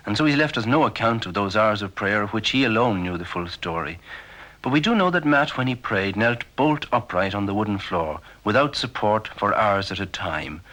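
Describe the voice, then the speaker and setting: A man narrating a documentary in a measured, formal scripted style. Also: on the low side, sharp tone, rough recording.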